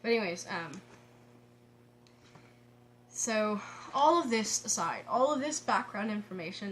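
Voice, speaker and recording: A woman vlogger telling a story in a casual, excitable way, laughing often and restarting her sentences. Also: mid-range voice, unhurried, a little hiss or hum.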